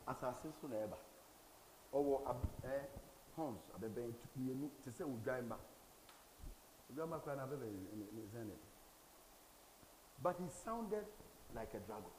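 Emphatic pastor in an echoey church. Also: male voice, medium pitch, animated, unhurried, pauses often, darkish tone, slight background noise. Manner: emphatic preaching with repeated phrases. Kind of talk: sermon.

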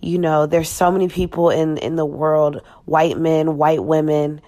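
A woman with a deep, low voice speaks as a podcast guest. She talks frankly and swears freely. Her sentences break off and restart as she searches for words. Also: flat delivery, warm tone. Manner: blunt and profane, with halting restarts. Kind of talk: candid personal reflection.

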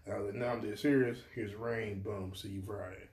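A man's voice: lowish voice, steady tone, fast, a little mellow, echoey room. A man, a pastor and podcast co-host, telling a story in casual chat and acting out the voices of people he quotes.

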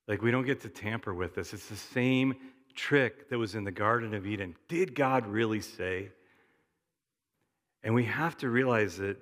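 A man's voice: lowish voice, a bit bright, big-room sound. A middle-aged man preaching a sermon in a conversational, storytelling way. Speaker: pastor. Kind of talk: sermon with anecdotes.

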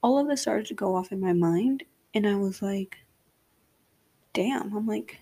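Candid woman with a gravelly voice. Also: medium pitch, measured pace, mellow. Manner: candid, rambling, many fillers like "like" and "right?". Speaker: podcast host. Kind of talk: casual solo podcast monologue.

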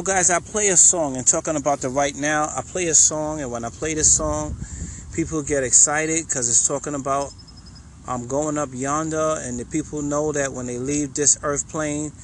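A man's voice: on the high side, a little hiss or hum, low-quality recording. A man coaching faith and fitness, leading guided affirmations in a casual, encouraging way with lots of repetition. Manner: encouraging, repetitive, says "you know what I'm saying" a lot; casual, conversational.

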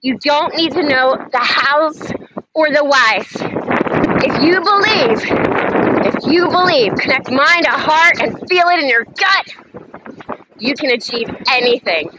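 Speaking a little slowly in a high voice, a woman hosts a self-help talk, emphatically guiding listeners through chant-like affirmations. Faint noise runs under the slightly dull, lo-fi audio.

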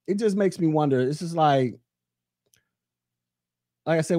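A man's voice: mid-range voice, mellow, no room sound, studio quality. A man hosting a solo podcast, delivering a sarcastic, ranting opinion commentary straight to his listeners. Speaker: podcast host.

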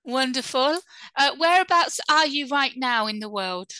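A woman's voice: high-pitched, expressive, a little slow, pushed and bright, clean tone, dry recording. A woman hosting a podcast interview, chatty and friendly, with many fillers and frequent laughs. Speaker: podcast host. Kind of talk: casual interview chat.

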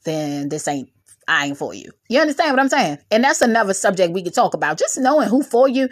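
A bubbly woman hosting her own podcast, mixing preaching and humor as she urges her listeners on. Her pitch swings widely, leaping high when she gets excited. She talks in a loose, playful, exhorting way. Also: quick pace. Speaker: podcast host. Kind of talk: preachy motivational podcast talk.

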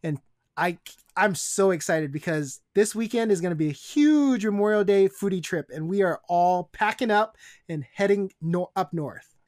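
A woman's voice: fairly low pitch, lively intonation, moderate pace, a little mellow, no room sound, studio quality. A woman from the Seattle area hosting a casual podcast, chatty, laughing often and trailing off into fillers. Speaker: podcast host.

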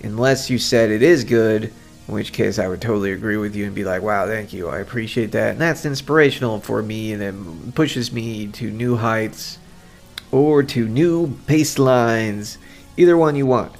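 A man's voice: lowish voice, moderate pace, faint music behind. A man hosting a solo podcast, talking in a rambling, self-deprecating and reflective way. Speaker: podcast host. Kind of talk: casual solo podcast monologue.

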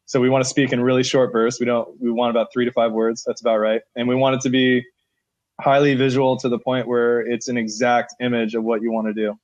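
A man's voice: mid-range voice, flat delivery, a little fast, a little mellow, no room sound, muffled recording. A man who coaches setters for a national team, talking emphatically in a podcast interview with lots of filler words.

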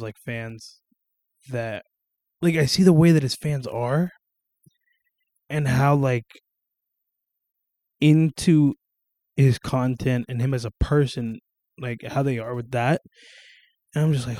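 Rambling young man with a mellow voice. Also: mid-range voice, no room sound, clean studio sound. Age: young adult. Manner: rambling, swears casually, many fillers and restarts. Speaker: solo podcast host. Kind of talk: casual solo podcast monologue. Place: at home, on camera.

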